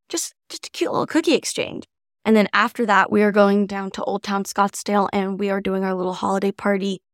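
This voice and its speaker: A woman's voice: mid-range voice, no room sound, clean studio sound. A young adult woman co-hosting a podcast, chatting casually with bubbly enthusiasm. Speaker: podcast co-host.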